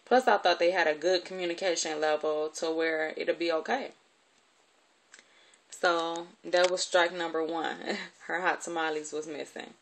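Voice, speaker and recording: A woman's voice: on the low side, little pitch movement, a little slow. A woman telling a personal story from her childhood in a candid, conversational way, with plenty of profanity.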